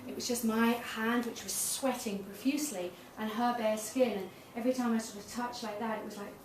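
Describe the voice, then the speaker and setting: A woman's voice: a little high, fairly even intonation, brisk. Middle-aged woman, frank and self-mocking speaker; roomy sound, heard from a distance. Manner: candid, self-deprecating storytelling with laughs. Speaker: tantra massage teacher. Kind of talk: public talk. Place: small event space. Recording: roomy, distant mic, noisy.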